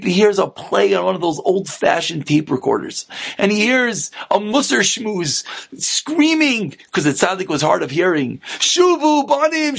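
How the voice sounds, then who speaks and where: A rabbi tells a story as a sermon, in an animated way. His voice is high and gravelly, with a husky, breathy edge. He acts out the characters as he goes.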